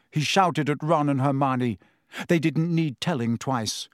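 A man reading a fantasy novel aloud in measured, dramatic audiobook narration. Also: medium pitch, no echo, studio quality.

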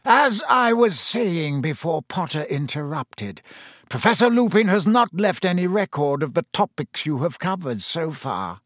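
A man voicing a cold, contemptuous male schoolmaster who speaks slowly and deliberately, sinking to a soft menacing hush. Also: fairly high pitch, very animated, no room sound, clean studio sound, voice pushed up, exaggerated voice. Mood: cold scorn. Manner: slow, clipped and icily deliberate, dropping to a soft menacing hush.

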